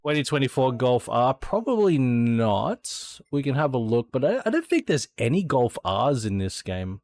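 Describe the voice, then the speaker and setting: A man's voice: medium pitch, very animated, normal speed, a little mellow, dry recording. An Australian man streaming a racing sim, chatting casually to viewers, thinking aloud and swearing freely. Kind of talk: casual gameplay chat.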